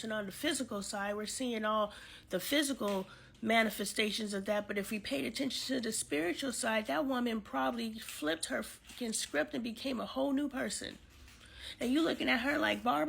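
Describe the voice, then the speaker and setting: A woman talking straight to her viewers in a casual vlog, animated and outspoken, swearing freely. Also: on the high side, creaky, slight background noise. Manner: talks straight to viewers, says "y'all". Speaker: family advocate content creator.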